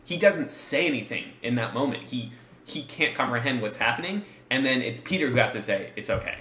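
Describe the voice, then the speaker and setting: Animated man with a lively, swinging voice. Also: medium pitch, brisk. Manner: animated, laughs often. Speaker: podcast co-host. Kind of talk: casual chat. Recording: roomy echoey room.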